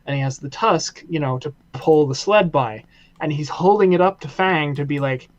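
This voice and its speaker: A man co-hosting a casual podcast chat, retelling scenes with laughs and lively energy. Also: on the high side, moderate pace, highs cut off. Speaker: podcast co-host.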